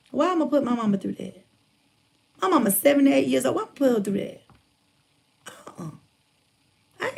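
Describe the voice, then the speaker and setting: A motivational speaker telling a personal story in a casual, folksy way, retelling conversations and calling listeners by name, still getting over a chest cold. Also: female voice, sits high, gravelly, darkish tone. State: recovering from chest cold, congested breathing. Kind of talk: casual testimony talk.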